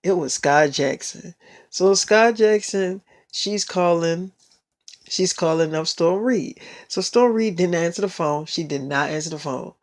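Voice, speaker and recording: A man's voice: sits high, measured pace. A teenage boy telling a rambling story in a casual vlog, full of swearing and fillers. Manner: rambling and heavily profane.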